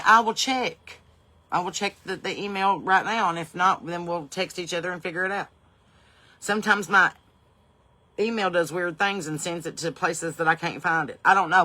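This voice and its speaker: A woman's voice: fairly low pitch, bright, forceful tone. A middle-aged woman with a Southern US accent, hosting a podcast and telling brash, profane, rambling comic stories. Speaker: podcast host. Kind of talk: comedic storytelling monologue.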